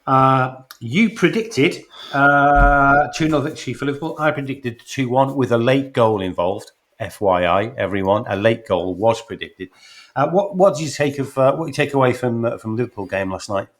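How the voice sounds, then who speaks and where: A man's voice: mid-range voice, normal speed, a bit bright. Male podcast host, chatty and jokey, loose delivery full of fillers. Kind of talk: casual sports podcast chat.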